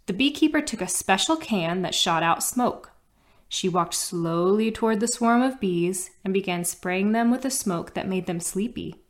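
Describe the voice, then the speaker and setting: A woman reading a children's storybook aloud as a guest reader, gentle and expressive. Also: mid-range voice.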